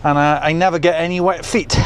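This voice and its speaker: A chatty, excitable man talks to his camera on a windy coastal hill, his voice sitting a little high for a man. Clear wind noise runs under his voice from a clip-on mic outdoors. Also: a little fast. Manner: chatty and excitable, exclaiming at the weather. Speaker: overland travel vlogger. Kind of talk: casual travel vlog talk to camera. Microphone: clip-on microphone.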